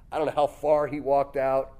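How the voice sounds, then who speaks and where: A man preaching a sermon, telling the story lively, acting out voices and chuckling often. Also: medium pitch, normal speed, clean tone. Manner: lively storytelling, acts out voices with loud jumps.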